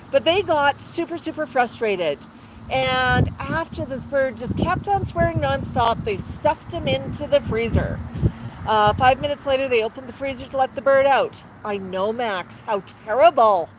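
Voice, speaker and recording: Woman chatting to her parrot outside, high voice, jokey and laughing, soft traffic noise. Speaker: livestream host with her parrot. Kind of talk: casual chat with joke telling. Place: outdoor patio. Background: faint street traffic.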